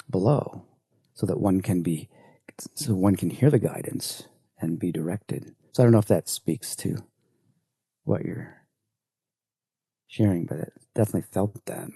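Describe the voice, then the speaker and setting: A man, an elder of a spiritual community, slowly recounts a spiritual experience in a reflective group sharing, with halting restarts. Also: low-pitched, gravelly, mellow, breathy edge, dry recording. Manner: slow, searching, halting restarts.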